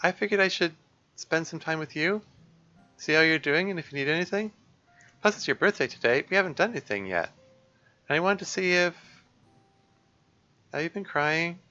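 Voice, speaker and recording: A man putting on a cheerful young woman who won't let a friend brush her off. She sounds raised and bright, eager and coaxing, gently insistent. The recording is a little muffled, with faint music behind. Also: fairly high pitch, animated, normal speed, long pauses, voice pushed up. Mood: caring. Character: caring, persistent young woman, upbeat friend.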